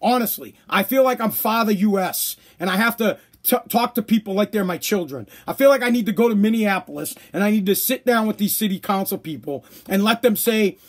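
Man in his 30s, podcast host, high-pitched, worn-out voice, profane sarcastic rant. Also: a little fast, hardly any pauses. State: tired, voice worn out. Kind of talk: casual profane monologue.

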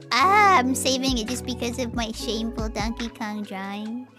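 A woman streaming games, giving playful running commentary and laughing often. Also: a little high. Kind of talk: live-streamed gameplay commentary.

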